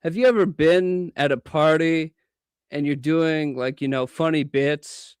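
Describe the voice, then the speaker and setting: A man calling in to a show, joking in a deadpan, profane ramble. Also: on the high side, a little slow, clean tone, no room sound, studio quality. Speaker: caller. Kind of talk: joking call-in.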